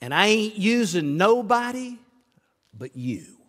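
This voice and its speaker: Folksy preacher, lively high voice. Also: male voice, takes it slowly. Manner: folksy, acts out dialogue with God in lively voices. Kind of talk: sermon. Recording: reverberant hall.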